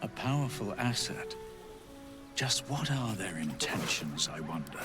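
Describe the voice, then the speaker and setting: Wary brooding game character, low hushed voice, lots of ups and downs, game music behind. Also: male voice, sing-song, unhurried. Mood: musing. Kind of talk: game voice acting.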